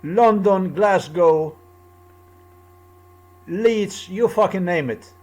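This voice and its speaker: A man's voice: fairly high pitch, lively intonation, unhurried, pauses often. A man with a slightly raised voice, talking alone to the camera. He rambles, circles back on the same phrases and drifts loosely from point to point, with no script. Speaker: commentator. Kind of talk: rambling solo monologue.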